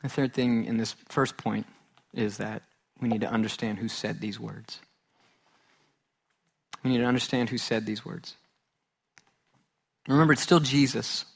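A man preaching a sermon, telling a funny childhood story with self-mocking humor, then dropping to a hushed, earnest tone. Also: mid-range voice, fairly even intonation, a little slow, creaky, long pauses, slightly rough. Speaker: pastor.

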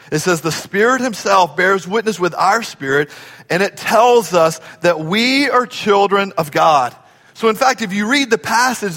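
A middle-aged man preaching a sermon as pastor, emphatic and animated, acting out quotes and rising to shouts. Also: high voice. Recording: long hall reverb.

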